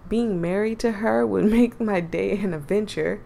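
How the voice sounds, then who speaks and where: A woman's voice: mid-range voice, moderate pace, vocal fry, warm tone, a little hiss or hum, close to an everyday voice. A woman voicing an awkward, earnest young man in a dating game, with hesitant, stumbling delivery.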